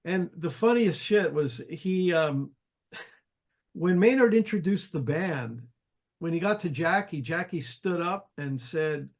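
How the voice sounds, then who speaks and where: A man's voice: a little high, takes it slowly. An older man from New Jersey, a jazz pianist who is a guest on an interview show, telling stories casually with lots of restarts and acted-out quotes. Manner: animated anecdotes, acts out quoted voices, frequent restarts. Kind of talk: casual storytelling.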